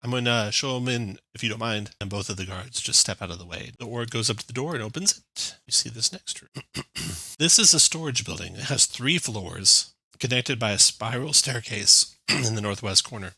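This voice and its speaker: A man's voice: mid-range voice, animated, moderate pace, creaky, pushed and bright, husky, dry recording, rough recording. A man narrating a tabletop game as dungeon master, describing scenes with frequent fillers.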